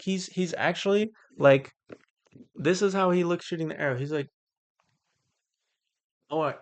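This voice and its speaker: A man reviewing a movie in a casual monologue, ranting with exasperation and then calmly breaking down shot composition, full of "like" and "um". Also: fairly high pitch, vocal fry, no room sound. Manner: exasperated ranting, heavy use of "like" and "um"; calmer, analytical when breaking down shots. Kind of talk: casual film critique monologue.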